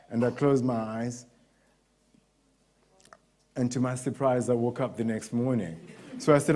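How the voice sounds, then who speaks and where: Delivering a sermon as his own testimony, a middle-aged man from Zimbabwe speaks at medium pitch with a steady, mellow tone. He's candid yet halting, frequently restarting and imitating the voices of others.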